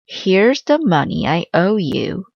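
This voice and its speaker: Woman voicing a doting fussy older lady, storybook read-aloud, slow, dry sound. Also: on the low side, sing-song, gravelly, darkish tone, no echo, heavily acted. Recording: slightly dull dry recording.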